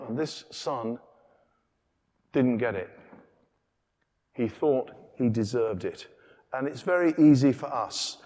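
A man preaching a sermon, conversational and animated, often asking rhetorical questions. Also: medium pitch, slow pace, long pauses. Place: large church. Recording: long reverb of a large church.

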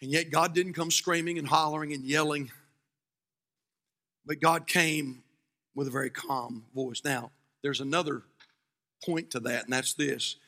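A male pastor preaching a sermon, swinging between shouted fervor and hushed, quiet passages. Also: a little high, fairly even intonation, measured pace, pauses often.

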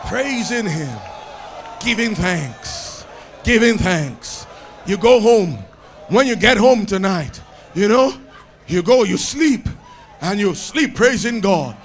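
A man preaching a sermon with exuberant shouts, laughter and cries of praise. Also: sits high, animated, slow, a faint crowd, slight background noise.

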